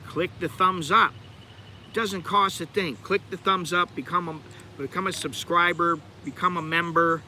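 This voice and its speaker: A man's voice: on the high side, bright, forceful tone, a little hiss or hum. A middle-aged American man hosting his channel, rambling in a chatty, digressive way and talking straight to his viewers. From United States. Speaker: channel host. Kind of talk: rambling livestream chat.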